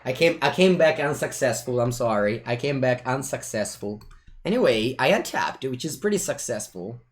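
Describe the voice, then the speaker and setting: Lively male streamer. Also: mid-range voice, moderate pace. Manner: chatty and playful, breaking off to talk to his cat. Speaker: streamer playing a digital card game. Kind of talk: casual live-play commentary.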